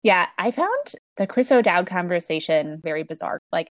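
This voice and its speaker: A woman's voice: fairly low pitch, animated, brisk, few pauses, no room sound, studio quality. A woman in a casual film discussion, speaking bluntly and critically, sometimes swearing.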